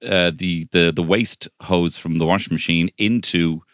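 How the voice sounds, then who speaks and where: Low-voiced man, dry close sound. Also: unhurried, no echo. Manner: animated storyteller, swears freely, breaks into high shouted impressions. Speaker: podcast co-host. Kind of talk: casual comedic chat.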